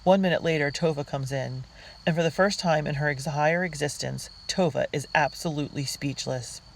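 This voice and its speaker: A reader narrating a diary storybook in a girl's first-person voice, earnest and unhurried. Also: a little high, gravelly, slight background noise, poor audio. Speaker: audiobook reader.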